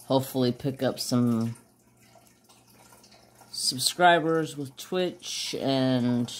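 A man's voice: medium pitch, very slow. Guy rambling away about his day while doing crafts, keeps losing his thread. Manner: rambling, loses his train of thought. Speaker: crafting channel host. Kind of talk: casual chat while working on a craft.

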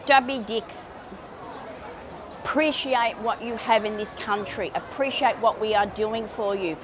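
A woman's voice: mid-range voice, unhurried. A woman with an Australian accent, speaking emphatically and bluntly in a street interview outdoors. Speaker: rally-goer interviewee. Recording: clear street noise behind.

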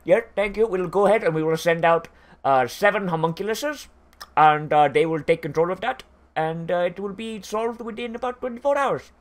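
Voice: mid-range voice, animated, moderate pace, natural voice. A speaker voicing a bored male call-center operator with an Indian accent and polite, scripted patter. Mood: bored politeness.

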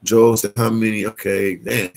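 A man's voice: fairly low pitch, normal speed, gravelly, rough recording. A man vlogging from the Dominican Republic, reading out viewer comments in casual slangy chat and reacting with energy. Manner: reads viewer comments aloud, slangy and animated. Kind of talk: casual live-stream chat.

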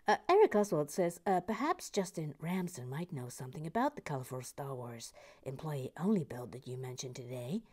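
A woman's voice: deep voice, sing-song, moderate pace. Playful woman, half-whispering host. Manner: playful, drifts between soft whispers and bursts of mock indignation; reads viewer messages aloud with hesitant restarts. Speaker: host of a live building stream reading viewer comments. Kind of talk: chatty live-stream commentary while building.

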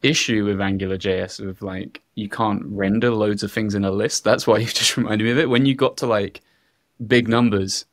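A man with a Southern English accent, a podcast guest, rambles through casual tech talk, chuckling often and leaning on fillers like "like." His voice is on the low side and steady at a normal speed, in a dry, studio-quality recording.

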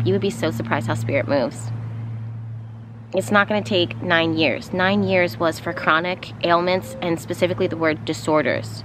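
A woman giving a casual spiritual card reading outdoors, rambling a little with fillers and soft laughs. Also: on the low side, moderate pace, noisy background. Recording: outdoor ambience with passing vehicles. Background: outdoor ambience and vehicles.

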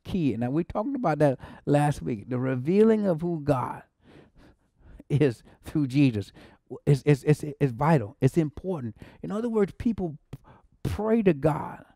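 A man's voice: fairly high pitch, expressive, unhurried, gravelly, dark tone, no echo, clean studio sound. A man preaching a sermon as pastor, exclaiming often, repeating words and building to emphatic peaks with bursts of laughter. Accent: American. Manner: laughs between phrases.

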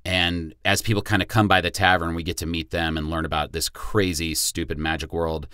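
A middle-aged man guesting on a podcast, easygoing and quick to laugh as he tells stories. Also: sits low, little pitch movement, bright, forceful tone, clean tone, dry recording, studio quality. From Chicago area. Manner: easygoing, laughs while talking. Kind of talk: casual podcast chat.

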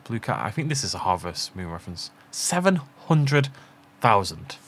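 Lively, low-voiced man thinking aloud. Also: normal speed. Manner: chatty, thinking aloud, laughs often. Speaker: gaming channel host. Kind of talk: let's play commentary.

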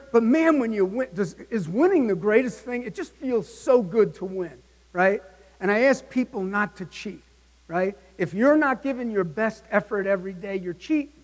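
A man in his sixties delivers a motivational keynote with punchy, emphatic lines, pausing to check in with his listeners. His voice sits fairly high for a man. The sound carries the long reverb of a large conference hall. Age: 60s. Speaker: keynote speaker.

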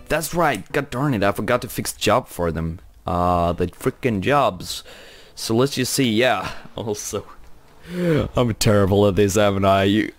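A young man hosting a game let's play, talking quietly and rambling, with frequent repeated phrases and chuckles. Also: lowish voice. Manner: hushed, talking quietly so as not to wake someone. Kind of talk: casual game commentary.

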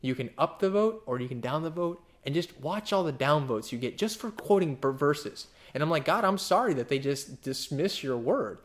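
A man, a pastor, teaching a verse-by-verse Bible study in a lively, animated way, acting out the voices he quotes and repeating phrases for emphasis. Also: on the high side.

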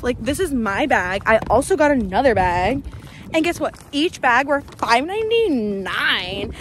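A woman's voice: high voice, sing-song, moderate pace, slight background noise. Rambling, swearing young woman vlogger. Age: 20s. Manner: rambling, swearing, filler-heavy, sudden loud bursts. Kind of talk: casual chat. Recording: roomy, distant from the mic.

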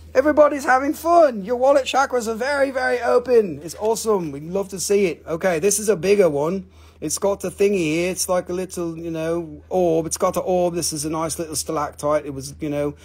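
Here a slightly high, breathy-edged male voice belongs to a livestream host from the Appalachian United States. He's selling minerals in a casual live chat, teasing and joking with viewers while presenting each piece.

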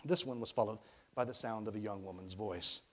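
A man from Arkansas reads his own children's novel aloud. His narration is lively and expressive and leans into the comic action. He sounds like an author at a public reading. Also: on the low side, a little fast, slightly rough.

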